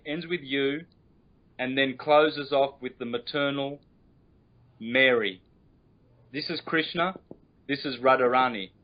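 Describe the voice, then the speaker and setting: A man explains things patiently as a guest teacher, stretching out sounds to demonstrate them. His voice sits at a middling pitch. It comes through a dull, lo-fi internet call line. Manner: patient and instructive, drawn-out demonstrated vowel sounds. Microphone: video call.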